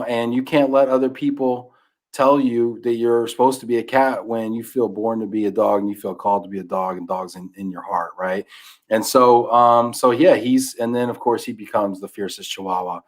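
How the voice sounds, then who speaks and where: In a relaxed podcast chat, a guest with a mid-range voice and ordinary pace recounts a children's book. He's a lively storyteller whose delivery frequently fades to a mumble.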